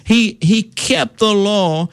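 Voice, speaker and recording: A man's voice: high-pitched, slow pace, smooth, no echo. A middle-aged man explaining salvation in a conversational teaching style, often restarting sentences and quoting scripture in old-fashioned wording. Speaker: preacher.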